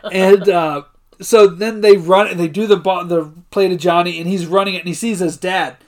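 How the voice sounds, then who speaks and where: A man's voice: sits high, steady tone, normal speed, a little mellow. A man co-hosting a podcast, casually retelling a movie's plot play by play with loose profanity and frequent laughter. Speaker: podcast co-host. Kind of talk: casual movie recap chat.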